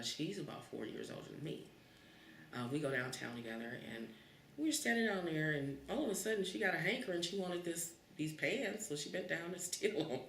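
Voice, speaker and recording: A woman's voice: low-pitched, a little hiss or hum. A woman in her fifties from Cleveland, telling stories from her childhood in an oral history interview and acting out the voices in them. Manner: animated, acts out the voices in her story. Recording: roomy, distant mic.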